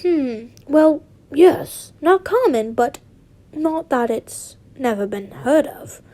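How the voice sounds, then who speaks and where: Kindly old headmaster, calm and unhurried, read by a woman in her own high, mellow voice. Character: elderly male wizard headmaster, kindly and calm.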